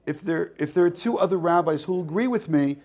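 In a classroom lecture, a man reads a text aloud, translates it line by line, and jokes with his students. His voice sits on the high side with a darkish tone, and he talks briskly.

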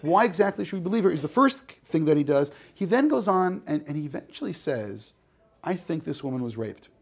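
A man's voice: on the high side, expressive, a little fast, vocal fry. A man teaching a class, reading a text aloud, translating it line by line and joking with the students. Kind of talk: classroom lecture.

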